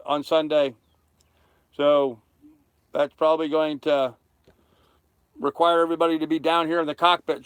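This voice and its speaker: He's in his thirties, broadcasting a casual livestream from a sailboat cockpit where he chats and thanks viewers by name as he reads their comments. His voice is fairly high and clean, with no room sound.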